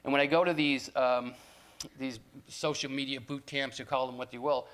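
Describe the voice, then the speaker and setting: An older man speaks to a room of students at a moderate pitch. His stories are conversational and wander, broken up with restarts and side remarks. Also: little pitch movement, normal speed, fairly bright tone. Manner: conversational storytelling, with restarts and asides. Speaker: guest speaker. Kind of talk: talk to students.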